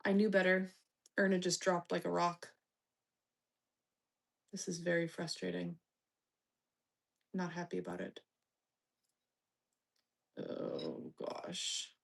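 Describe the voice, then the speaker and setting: A woman's voice: fairly low pitch, level tone, a little slow, vocal fry, pauses often. A woman hosting a casual live stream, reading chat with teasing, bossy remarks and swearing while distracted and muttering to herself. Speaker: livestream host reading chat.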